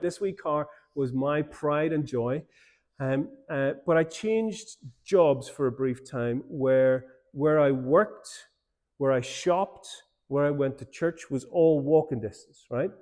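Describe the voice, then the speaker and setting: A man with an Irish accent, a pastor telling a personal story in a church seminar talk, in an informal, animated way. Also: a little high. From Ireland.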